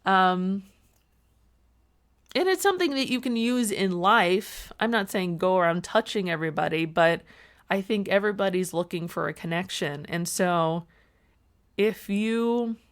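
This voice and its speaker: A woman's voice: mid-range voice, a little slow. A young woman talking through a personal diary vlog in a reflective, chatty way. She laughs often, swears casually and fills her talk with "like" and "you know". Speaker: vlogger.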